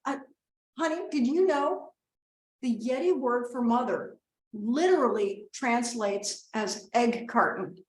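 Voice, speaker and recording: A woman as a chatty mother of the bride, rambling toast, unhurried delivery, echoey room. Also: on the high side, animated, a little hiss or hum. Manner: rambling, interrupting herself to scold and coax family members. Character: rambling, self-deprecating middle-aged mother of the bride. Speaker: mother giving a wedding toast. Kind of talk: comedic monologue. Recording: roomy echo.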